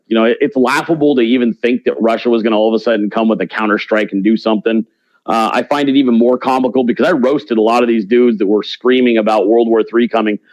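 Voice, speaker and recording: A man's voice: mid-range voice, a little mellow, dry recording, poor audio. A man talking as an interview guest in a blunt, brash, slangy way. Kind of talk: casual interview talk.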